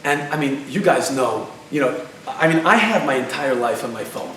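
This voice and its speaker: A man giving a class, telling a story in an animated way and asking his audience questions. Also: medium pitch, normal speed, a little hiss or hum. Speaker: lecturer. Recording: very echoey room, speaker far from the mic.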